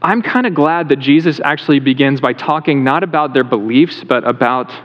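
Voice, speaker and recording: In a church sanctuary, a male pastor delivers a conversational sermon at medium pitch and a fairly quick pace, posing questions to the congregation along the way. The recording sounds reverberant, dull and lo-fi.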